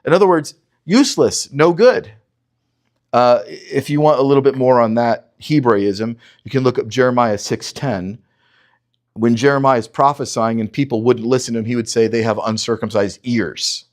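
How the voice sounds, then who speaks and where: Give me a male preacher teaching through scripture in an animated way, with a mid-range voice. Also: mid-range voice, moderate pace. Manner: animated teaching, urges listeners to read verses critically. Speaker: pastor. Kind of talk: expository sermon.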